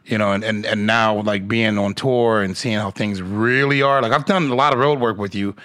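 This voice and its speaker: A man's voice: lowish voice, fairly even intonation, moderate pace, fairly bright tone. A man, a comedian, chatting casually and rambling with many restarts. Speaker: comedian guest. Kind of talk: casual chat.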